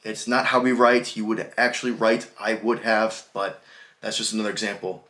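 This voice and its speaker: An American man giving a casual English lesson, explaining everyday spoken contractions in a relaxed, conversational way. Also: on the low side, normal speed. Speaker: English teacher.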